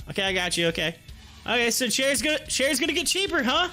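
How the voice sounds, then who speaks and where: A man hosting a live stock-market stream, chatting excitably with his viewers and reading their comments aloud. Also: very high voice, fast talker, faint music behind.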